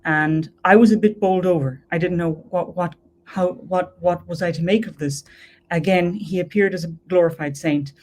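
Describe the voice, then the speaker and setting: Earnest Irish-born woman, low voice. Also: normal speed, darkish tone. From Ireland. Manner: earnest, emphatic repetitions. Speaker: guest. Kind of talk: telling a personal faith story.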